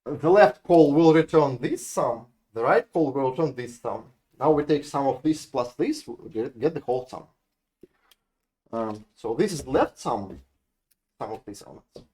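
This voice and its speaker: Medium-pitched and mellow, this Russian-accented lecturer explains code to a university class at an unhurried pace with lively intonation. He frequently repeats himself and starts over as he walks through examples.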